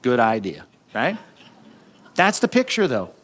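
A man's voice: mid-range voice, huge pitch swings, unhurried, fairly bright tone. A man preaching a sermon in a conversational way, acting out quotes and adding jokey asides. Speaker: pastor.

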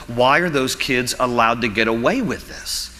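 A man's voice: mid-range voice, moderate pace, sharp tone, big-room sound, a little hiss or hum. A man preaching a sermon as pastor, storytelling with humor and frequent chuckles.

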